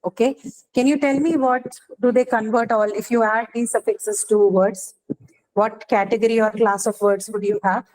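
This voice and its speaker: A woman's voice: on the high side, steady tone, moderate pace, a little mellow, low-quality recording. A woman teacher giving a lecture, explaining step by step and often checking in with her students. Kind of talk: classroom lecture.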